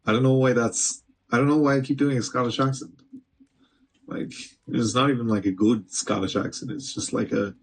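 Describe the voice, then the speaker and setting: A man's voice: mid-range voice, fairly even intonation, moderate pace, slight background noise. A man streaming gameplay, chatting casually and talking back to the game, with an occasional swear. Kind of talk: live gameplay commentary.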